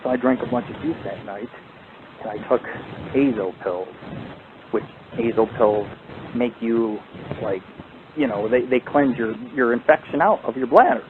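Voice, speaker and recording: A man's voice: mid-range voice, normal speed. Profane rambling man on a tinny line. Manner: rambling, profane, animated storytelling. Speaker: paranormal radio show host. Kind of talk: casual storytelling chat. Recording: tinny phone-like line with faint hiss.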